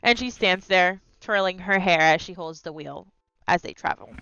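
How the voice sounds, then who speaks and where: A woman's voice: fairly low pitch, moderate pace, bright, forceful tone, smooth, no echo, muffled recording, soft background music. A woman player in a tabletop game, describing her character's actions. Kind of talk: tabletop role-play.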